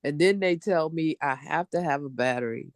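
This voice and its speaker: On a video call, a middle-aged woman and open mic participant vents at length in a frustrated, casual rant, talking in long run-on stretches. Her voice is low-pitched at normal speed, with no echo.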